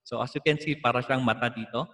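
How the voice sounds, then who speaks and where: A man's voice: medium pitch, steady tone, fast, fairly bright tone, big-room sound. A man with a Filipino accent teaching an online music lesson, explaining patiently and slipping in Tagalog asides.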